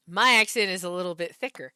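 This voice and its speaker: A woman's voice: lowish voice, moderate pace, bright, forceful tone, clean tone, no echo. A woman with a Southern US accent, chatting casually with laughing asides while streaming a game.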